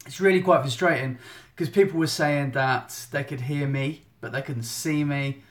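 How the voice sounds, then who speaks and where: A man from England with a mid-range voice talks at a moderate pace, with a little hiss or hum in the audio. He's giving a photographer's casual monthly live update from a phone at arm's length in an echoey room at home, chatty and rambling, often breaking off mid-thought.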